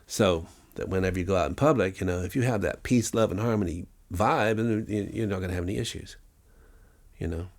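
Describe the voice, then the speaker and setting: A man with a fairly low voice telling long stories in an interview. He is a musician and music teacher who rambles, fills pauses with "um" and restarts his sentences often. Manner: rambling, anecdotal, with many fillers and restarts. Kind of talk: interview storytelling.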